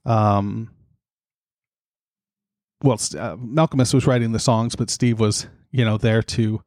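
A podcast host chatting casually at home, out of breath and breathing heavily, rambling with lots of fillers. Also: male voice, on the low side, steady tone, unhurried, a little mellow, dry recording, studio quality. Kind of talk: casual chat. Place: home studio.

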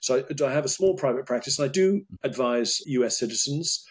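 British surgeon with a husky voice. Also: male voice, mid-range voice, animated, fairly quick. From United Kingdom. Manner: thoughtful, with many restarts and repeated words. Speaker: urologist guest. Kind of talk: interview conversation.

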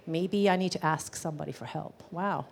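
A woman's voice: fairly low pitch, moderate pace, vocal fry, slight background noise. A woman teaching a live class on gestalt therapy, talking casually with many "um"s and questions to the audience.

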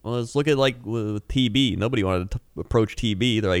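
A man's voice: fairly low pitch, fast talker, no echo, clean studio sound. A young man chatting casually on a podcast, laughing often and playfully arguing the other side. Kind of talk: casual chat.

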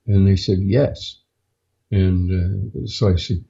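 A man, a podcast guest, telling his own story in a casual, halting way with frequent "uh" fillers. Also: low voice, creaky, mellow, muffled recording. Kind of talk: casual first-person storytelling.

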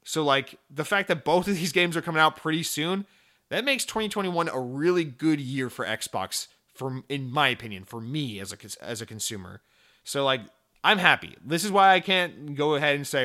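A young man talking casually about video games in a rambling, animated rant full of swearing and filler words. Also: mid-range voice, moderate pace. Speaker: gaming commentator.

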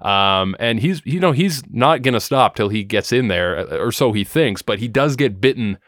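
A man chats casually as a podcast co-host, recapping with lots of ums and the odd curse. His voice sits at an ordinary pitch and sounds close and dry, with no room behind it. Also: normal speed, no room sound. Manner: relaxed storytelling, swearing, filler words. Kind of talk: casual chat recapping a show.

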